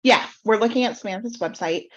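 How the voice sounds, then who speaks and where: A woman's voice: a little high, fairly quick. Woman teaching on a lo-fi call. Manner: explanatory, with frequent ums. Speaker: mentor reviewing websites. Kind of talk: online workshop teaching.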